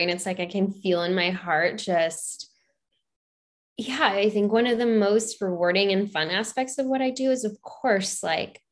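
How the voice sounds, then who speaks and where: A woman hosting a podcast who works with clients, responding to her guest in a reflective, affirming way. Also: fairly low pitch. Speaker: podcast host and healing practitioner. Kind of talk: conversational interview.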